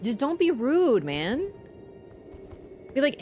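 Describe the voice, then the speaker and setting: A woman livestreamer in casual chat, animated and teasing toward viewers and swearing casually. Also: high voice, a little fast, pauses often, soft background music.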